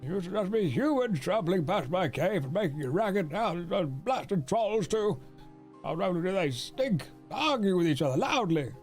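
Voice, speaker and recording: A man's voice: high-pitched, very animated, normal speed, soft background music, pitched above the performer's own voice. A man voicing a grumpy, reclusive old hermit who complains in a whiny, peevish way. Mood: grumbling.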